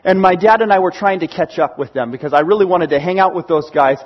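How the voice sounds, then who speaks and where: Male preacher, high husky voice, earnest sermon that sinks to a hush at points. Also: quick pace, highs cut off. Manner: earnest, encouraging, drops to a hush for emphasis. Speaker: pastor.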